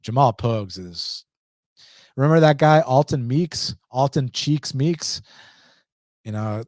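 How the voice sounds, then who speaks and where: A man's voice: medium pitch, lively intonation, takes it slowly, darkish tone, no room sound, clean studio sound. A man with an Atlanta accent hosting a live stream, reading chat questions and answering them in a blunt, casual, slangy way. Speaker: host.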